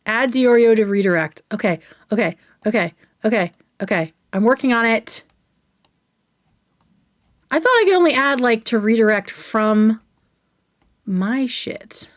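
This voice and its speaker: A young woman hosting a livestream, chatting casually and excitedly while reviewing makeup, swearing now and then. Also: on the high side, unhurried, pauses often, no echo, clean studio sound. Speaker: livestream host.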